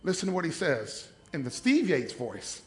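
A man preaching a sermon as pastor, dramatic, swinging from hushed asides to shouts. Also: on the high side, very animated, normal speed, big-room sound.

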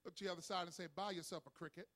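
A male pastor with a notably high voice delivers a sermon. He draws the congregation into call-and-response and climbs to shouted peaks. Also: fairly even intonation, racing.

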